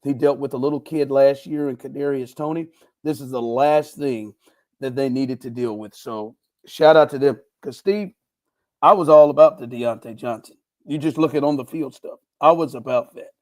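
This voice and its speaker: A man's voice: medium pitch, moderate pace. A man hosting a casual sports podcast, telling stories with playful mock indignation. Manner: animated storytelling, playful indignation. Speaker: podcast host.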